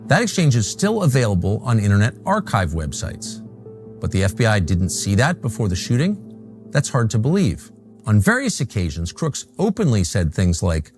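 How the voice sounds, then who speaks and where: A man reading scripted documentary narration in a measured way, with dramatic delivery of quotes. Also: fairly low pitch, sing-song, soft background music.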